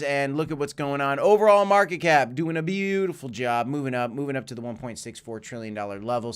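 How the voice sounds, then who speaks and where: A man's voice: a little high, a bit bright, clean tone. A man hosting a live crypto show from his home office, upbeat and joking as he chats with viewers. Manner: upbeat, joking, chatty asides. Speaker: crypto livestream host. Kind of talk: live market commentary reading viewer chat.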